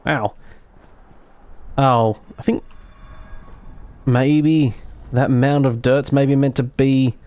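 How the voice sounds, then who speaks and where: A man's voice: mid-range voice, fairly even intonation, very slow, long pauses, mellow. An Australian man commentating live gameplay and chatting with viewers, rambling and self-deprecating, with casual swearing and many fillers. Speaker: game streamer.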